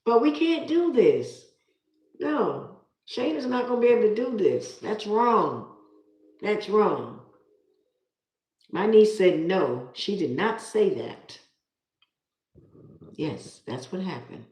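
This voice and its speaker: A woman's voice: mid-range voice, very animated, takes it slowly, pauses often, darkish tone. A middle-aged woman live-streaming, reading viewer comments and talking in an emphatic, preachy way, often repeating herself. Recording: roomy echo.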